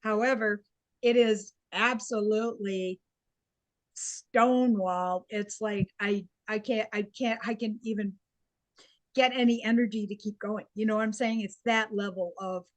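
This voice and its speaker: A woman taking part in a coaching session, speaking haltingly as she searches for words. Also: medium pitch, steady tone. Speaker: coaching client.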